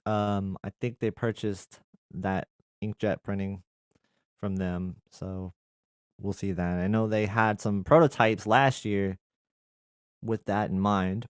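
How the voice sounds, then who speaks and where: A man's voice: lowish voice, fairly even intonation, slow pace, long pauses, clean tone, no echo, clean studio sound. A young adult man hosting a tech channel, reading viewer comments aloud and answering them in a loose, rambling chat full of fillers. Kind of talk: casual live chat.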